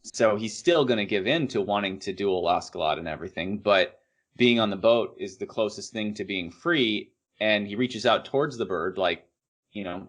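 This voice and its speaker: A man co-hosting a casual anime podcast, calmly explaining how he reads the scenes. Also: fairly low pitch, normal speed. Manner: thoughtful, explains his reading of scenes. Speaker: podcast co-host.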